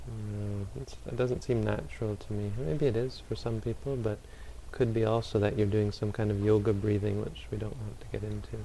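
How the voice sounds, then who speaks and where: Low flat voiced guy teaching meditation, gravelly, mellow and calm. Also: slight background noise, low-quality recording. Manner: calm, unhurried, gently advising. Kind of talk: answering audience questions.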